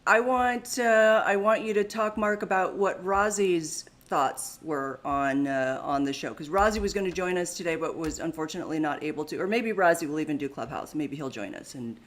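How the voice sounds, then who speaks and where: A woman's voice: fairly low pitch, normal speed, hardly any pauses. A woman co-hosting a live podcast in casual chat, full of "like" fillers. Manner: chatty, frequent "like" and "um" fillers. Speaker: podcast co-host.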